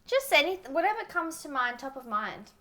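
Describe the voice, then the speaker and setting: A woman co-hosting a podcast in casual chat, bubbly and exclamatory, quick to react. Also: high voice, very animated, pushed and bright. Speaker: podcast co-host.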